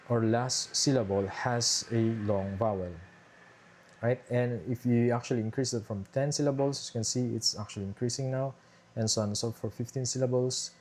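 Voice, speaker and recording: A man's voice: medium pitch, a little mellow. A young man casually walking viewers through his thesis research, explaining with many fillers and restarts. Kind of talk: casual screen-share walkthrough. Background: airplane noise from a nearby airport.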